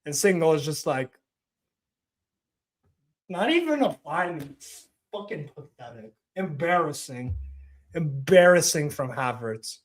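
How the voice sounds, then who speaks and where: A man's voice: fairly high pitch, fairly bright tone. A man hosting a live watch-along stream, giving casual commentary in a profane, ranting, mocking way.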